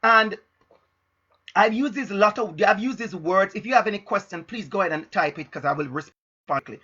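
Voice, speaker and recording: A man delivering an emphatic, frank motivational talk, driving home each point through repetition. His voice is bright and a little husky. The stream audio is dull and lo-fi. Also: high-pitched, fairly quick. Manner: emphatic, repeats phrases for stress; frank and direct. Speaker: motivational speaker.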